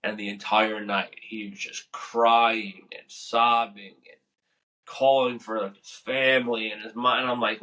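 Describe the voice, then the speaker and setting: Laid-back young man, bright voice. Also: fairly low pitch, level tone, measured pace. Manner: laid-back, profane, laughs often. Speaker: Navy veteran guest. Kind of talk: casual storytelling. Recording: voice a bit far from the mic.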